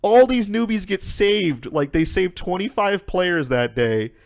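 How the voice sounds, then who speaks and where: Animated young man telling a story. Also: high voice, a little slow. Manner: animated retelling, heavy swearing and fillers. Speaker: podcast co-host. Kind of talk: casual chat, storytelling.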